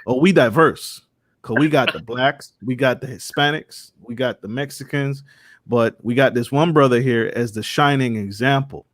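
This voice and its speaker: A man talking on a discussion panel, animated and often acting out other people's voices. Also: medium pitch, normal speed, no room sound, studio quality. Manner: animated, acts out quoted voices.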